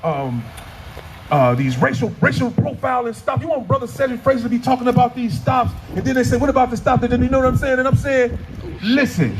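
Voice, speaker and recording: A middle-aged man giving an impassioned outdoor rally speech, often shouting with a preacher-like cadence. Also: very high voice, lively intonation, brisk, very noisy. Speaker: rally speaker.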